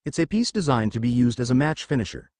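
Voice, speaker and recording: A brash young ninja who grumbles and snaps back with sarcasm, as a male narrator reads him. His pitch moves around a lot. The recording is dry and close. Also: sing-song, fast, darkish tone, no echo. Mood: grumbling.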